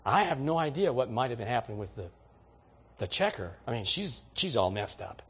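A man's voice: mid-range voice, big pitch swings, fairly quick, fairly bright tone, husky. A man preaching a sermon, telling everyday stories in a folksy, exhorting way. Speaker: pastor.

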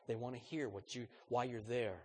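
A man's voice: medium pitch, steady tone, moderate pace, darkish tone, a little hiss or hum. A man preaching a sermon in an earnest, conversational way, putting questions straight to his congregation.

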